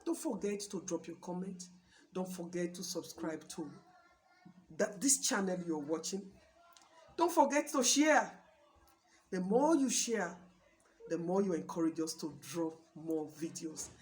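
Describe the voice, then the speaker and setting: A woman's voice: fairly low pitch, expressive, a little slow, pauses often, darkish tone. A Nigerian woman hosting a show, giving emphatic, preachy marriage advice and repeating her points for stress. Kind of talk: talk show address.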